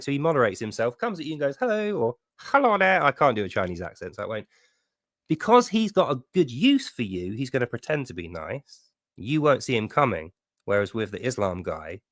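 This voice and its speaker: A blunt British man hosting a live debate, cursing freely. His pitch swings a lot as he argues. The sound is dry and close. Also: no echo. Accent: British English. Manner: blunt, swearing, animated. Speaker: host.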